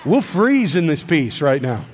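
A man's voice: a little high, sing-song, measured pace, darkish tone, big-room sound, a faint crowd. A man in his thirties, a pastor preaching a sermon with call-and-response to his church.

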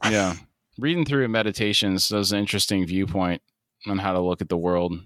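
A man's voice: low voice, steady tone, fairly quick, fairly bright tone, no echo. A male podcast co-host in casual chat who recaps scenes and laughs often.

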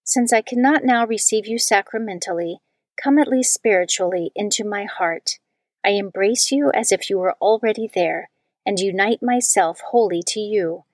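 Woman reader, solemn liturgical reading, mid pitch, dead-dry studio sound. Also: normal speed, dry recording. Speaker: scripture reader.

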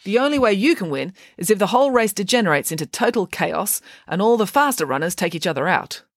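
A woman reading a storybook, voicing a clever, dry-witted teenage schoolgirl who talks in a calm, deadpan way. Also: mid-range voice, fast, no room sound, pitched above the performer's own voice.

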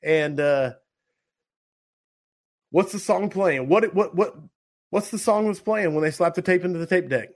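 A man hosting a podcast, running a playful quiz with his guest in casual chat. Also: high-pitched. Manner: playful, quick quiz-show banter. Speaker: podcast host.

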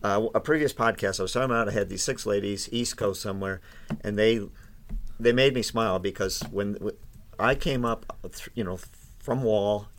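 A man's voice: on the low side, moderate pace, slight background noise. A middle-aged man, a podcast host, telling casual rambling anecdotes with lots of restarts. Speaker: podcast host and tour guide. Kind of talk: casual storytelling.

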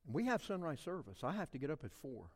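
A middle-aged man, preaching a sermon as a pastor, swinging between loud emphatic passages and quiet ones. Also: fairly high pitch, fast, in a large hall. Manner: animated preaching with big swings in loudness.

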